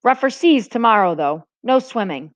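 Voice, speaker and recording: A woman's voice: fairly high pitch, expressive, moderate pace, no echo, pitched above the performer's own voice, natural voice. A woman reading aloud and voicing a rambling, good-natured old sea captain in a storybook, over a dull lo-fi recording. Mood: genial. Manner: rambling, chuckling.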